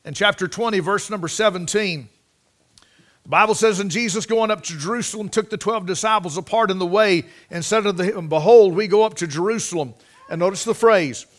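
A male preacher with a high voice, working through a sermon. He mixes folksy stories with scripture read aloud, leaning hard on the phrases he wants his listeners to notice. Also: fairly bright tone. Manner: folksy storytelling, reading scripture aloud with emphasis.

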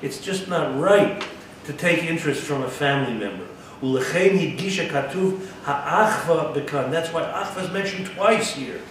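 A man's voice: a little high, normal speed. Man teaching a text in an echoey room. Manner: reads a Hebrew text aloud and translates it; asks rhetorical questions to the listeners. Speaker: Torah teacher. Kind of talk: text-study lecture. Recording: echoey room, distant mic, faint background noise.

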